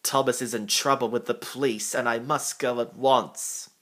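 A man reading a storybook aloud and voicing a bustling, kindly railway boss who speaks briskly. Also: medium pitch, fairly even intonation, fairly bright tone, natural voice.

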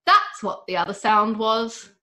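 A woman voicing a chatty, curious young girl with a high eager voice. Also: big pitch swings, measured pace, sharp tone, echoey room, exaggerated voice. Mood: surprised.

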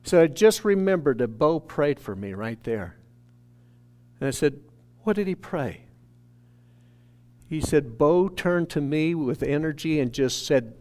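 A man's voice: on the high side, animated, a little slow, pauses often. A man from a church staff telling an earnest, emotional testimony in a sermon. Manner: earnest storytelling, rising to shouted quotes.

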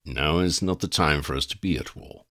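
A man's voice: rumbling low, moderate pace, a bit bright. A man reading a story aloud, voicing a courtly, calculating male vampire leader who talks in formal, old-fashioned phrasing.

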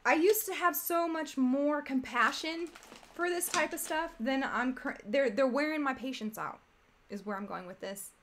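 High-pitched woman ranting on her stream, rambly and fed up. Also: normal speed, fairly bright tone. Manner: rambling, exasperated, chatty. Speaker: streamer host. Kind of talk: casual commentary stream.

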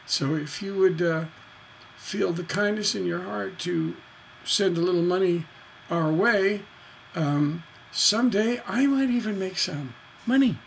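Man teaching songwriting, slow and easygoing. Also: sits high, creaky, a little hiss or hum. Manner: relaxed and folksy, hums melodies on "da da". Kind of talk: teaching on a charity livestream.

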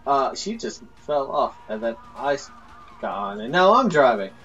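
A man doing let's play commentary, excitable and laughing, yelling at his teammates. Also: mid-range voice, moderate pace, far from the mic, muffled recording, faint music behind. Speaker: gaming YouTuber.

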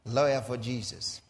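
A male pastor preaching a sermon in a teasing, animated way, laughing often and swinging between soft asides and loud exclamations. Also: medium pitch.

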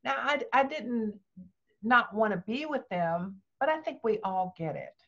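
A woman's voice: on the high side, measured pace. An older woman, a grandmother, speaking as a guest and telling personal stories, acting out what people said. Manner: lively, acts out quoted dialogue. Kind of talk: personal storytelling interview. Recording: dull lo-fi sound.

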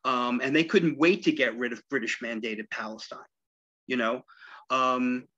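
A man's voice: medium pitch, steady tone, moderate pace, a bit bright. A man lectures on history in a loose, talkative way, tossing "right?" and "you see?" back to his listeners. His voice sits in a middle register. The recording is a little dull and lo-fi, as if taped in a library meeting room. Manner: chatty, peppered with "right?" and "you see?" asides.

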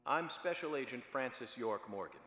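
An actor voicing a composed male FBI agent in a video game, speaking in a measured, formal, matter-of-fact way. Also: medium pitch, lively intonation, a bit bright, lightly acted. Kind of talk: game dialogue. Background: game music.

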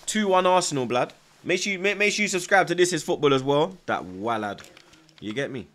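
A man's voice: fairly high pitch, animated, fairly quick, a bit bright. A young man, chatting casually on a live football stream, reading out viewer comments, nervous but hyped. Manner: slangy, repeats himself, reads out chat, nervous yet hyped.

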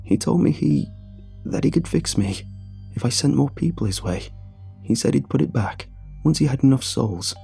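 A man voicing a bitter, self-pitying drunk with a graying beard, sobbing and low-voiced in a storybook reading. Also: expressive, moderate pace, vocal fry, dark tone, husky, faint music behind, full character voice.

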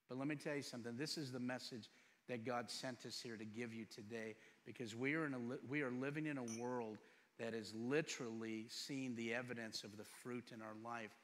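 A pastor in his fifties preaching a sermon, firing rhetorical questions and swinging between loud and soft. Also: mid-range voice. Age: 50s. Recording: long reverb in a church hall.

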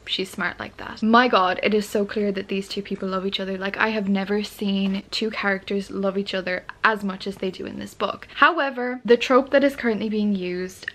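A woman's voice: medium pitch, steady tone, moderate pace, hardly any pauses, fairly bright tone. Gushing young woman vlogging about a book. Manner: gushing, emotional and swearing freely. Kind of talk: casual vlog chat.

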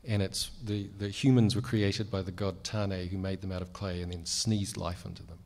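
A man's voice: sits low, flat delivery, moderate pace, darkish tone. A man with a New Zealand accent, a cartoonist chatting on a convention panel in a wry, self-deprecating way with lots of fillers.

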